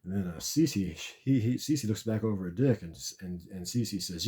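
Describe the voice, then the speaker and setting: A man's voice: fairly low pitch, animated, normal speed, mellow. A man telling a long, rambling comic story about a dream, repeating and restarting his words often.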